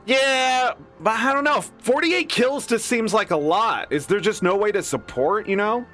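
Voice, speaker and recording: A man's voice: high voice, a little slow, a bit bright, faint music behind. A man in his thirties streaming a game, ranting casually with profanity and switching into mock voices. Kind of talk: casual gaming rant.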